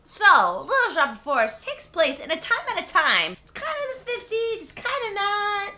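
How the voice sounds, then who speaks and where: A woman's voice: very high voice, wildly swooping pitch, normal speed, sharp tone. A tipsy woman vlogger who gives a rambling, giggly comedic retelling and often interrupts herself.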